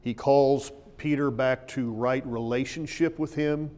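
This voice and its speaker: A man preaching a sermon, his voice carrying a long hall reverb. He retells the story in a relaxed, conversational way, pausing over his words. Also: mid-range voice. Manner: conversational retelling, paraphrasing the story in plain speech. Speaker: pastor.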